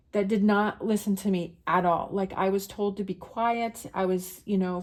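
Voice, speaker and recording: A woman's voice: medium pitch, darkish tone. A middle-aged woman telling a personal story in a casual, emotional, rambling way, with many restarts. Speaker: tarot reader sharing a personal story.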